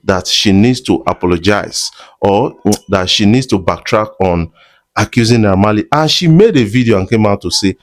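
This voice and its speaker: A man's voice: fairly low pitch, lively intonation, moderate pace. A man with a Nigerian Pidgin accent giving chatty commentary to his viewers, mixing Pidgin with English. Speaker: entertainment blogger. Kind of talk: commentary vlog.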